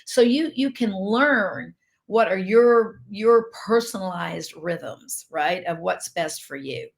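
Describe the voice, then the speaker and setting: A woman doctor talks through health advice as a podcast guest. She explains in a steady, teaching way and slips into quoted inner thoughts as she goes. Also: medium pitch, slow, creaky. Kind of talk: podcast interview.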